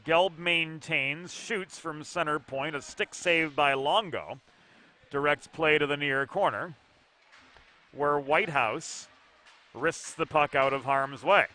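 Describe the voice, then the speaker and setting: A man calling youth hockey play-by-play from an arena, brisk and precise with dry asides. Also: fairly high pitch, sharp tone. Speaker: play-by-play commentator. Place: ice arena broadcast position.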